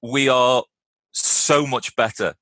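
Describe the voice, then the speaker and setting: A man, a regular on a cricket show, chatting earnestly and fondly with frequent quick restarts. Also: mid-range voice, fairly even intonation, pushed and bright, no room sound. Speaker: podcast guest and fellow regular. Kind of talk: casual chat.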